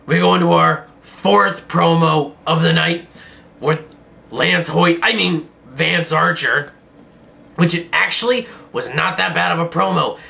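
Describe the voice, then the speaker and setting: Sarcastic creaky-voiced young man reviewing. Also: fairly high pitch, unhurried, bright, forceful tone. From Virginia. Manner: sarcastic, rambling, jokey. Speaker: wrestling show reviewer. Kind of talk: casual video review.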